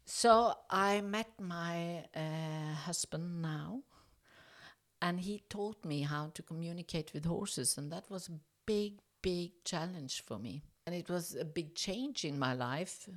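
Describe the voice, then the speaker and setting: A middle-aged Norwegian woman, appearing as an interview guest, tells a story in English with a low-leaning voice at a slow pace. She is hesitant, full of fillers and restarts, but grows lively when acting out the dialogue.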